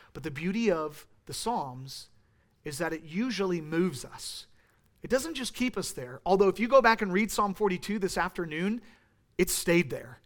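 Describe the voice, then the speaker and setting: A man with a notably high voice delivers an earnest sermon from the pulpit. He explains scripture steadily, then lifts his voice as he calls out the pleas of the psalm. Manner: earnest preaching, voice rising when voicing the psalmist's pleas. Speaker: pastor. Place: church sanctuary.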